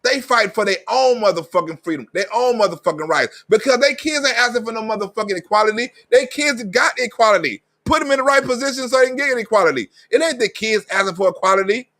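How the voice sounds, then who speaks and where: A man's voice: high-pitched, lively intonation, quick pace, hardly any pauses, a bit bright. A man hosting a live stream, delivering an emphatic, profane monologue in street slang. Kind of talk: ranting monologue.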